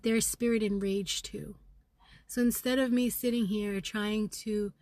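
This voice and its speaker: A middle-aged woman in a raw spiritual vlog, angry and seething, talking fast and intensely, swearing, sometimes dropping to a whisper. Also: mid-range voice, steady tone, darkish tone, no room sound. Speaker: vlogger.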